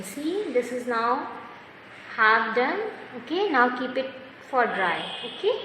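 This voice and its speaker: A craft teacher gives children a slow, patient, step-by-step lesson, praising them often as she instructs. Her voice is on the high side, pushed and bright, with a little hiss or hum in a very echoey room with long reverb.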